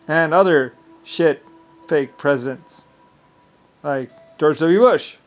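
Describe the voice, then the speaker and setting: A man's voice: on the high side, expressive, slow, soft background music. A man vlogging in a rambling, profane monologue, full of grand claims and frequent laughter.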